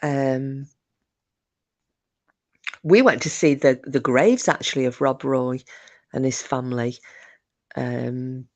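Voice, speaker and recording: Female streamer with a low voice, casual rambling host. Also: slow pace, long pauses, darkish tone. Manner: chatty, rambling, chuckling asides. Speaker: livestream host. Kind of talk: casual chat reading viewer comments.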